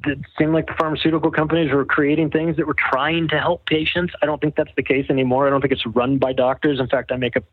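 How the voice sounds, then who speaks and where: A man's voice: on the high side, little pitch movement, quick pace, hardly any pauses, dry recording. A man being interviewed as a guest author, talking in a wry, rambling, sardonic way as he tells stories. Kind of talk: casual interview storytelling. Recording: tinny phone-line call, dry.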